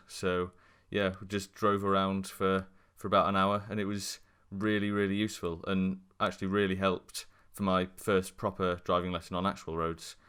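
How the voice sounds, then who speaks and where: A young man co-hosting a casual podcast, talking in a plain, measured way. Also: low-pitched, fairly bright tone, smooth.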